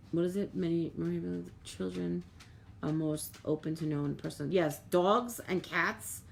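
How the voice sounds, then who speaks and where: Low, creaky, and darkish in tone, this middle-aged woman's voice hosts a live stream as a medium with slight background noise. She speaks earnestly, leans on "like" and repeated words, reads viewer comments aloud, and thanks viewers by name.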